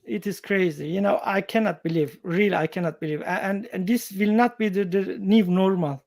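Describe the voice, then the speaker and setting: A man's voice: sits high, fairly even intonation, a little mellow, no echo, clean studio sound. Hesitant man hosting a live panel. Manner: halting, many fillers and restarts. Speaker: host.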